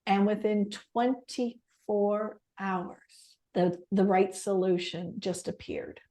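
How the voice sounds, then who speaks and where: A woman's voice: mid-range voice, fairly even intonation, slow, dark tone. A middle-aged Canadian woman, a podcast guest, sharing a heartfelt personal story in an earnest way. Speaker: podcast guest, stress coach and author.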